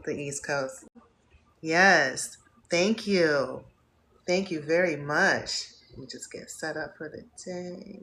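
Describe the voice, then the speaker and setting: A woman from Northeast Ohio hosting a live stream, warmly greeting viewers by name in an effusive, upbeat way. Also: lowish voice. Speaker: host.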